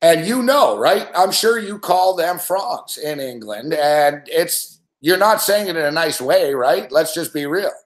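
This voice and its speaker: A man's voice: a little high, lively intonation, a little slow, few pauses, echoey room. A man hosting a sports betting show live, ranting in a casual, profane, rambling way and laughing often. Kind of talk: casual live-stream rant.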